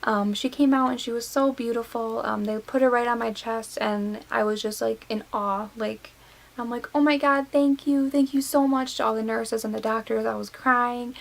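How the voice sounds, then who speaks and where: A woman's voice: a little high, level tone, moderate pace, vocal fry, low-quality recording. A nineteen-year-old woman vlogging casually to camera, recounting a personal story with lots of fillers, getting teary and emotional. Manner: emotional, many fillers and likes. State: tearful.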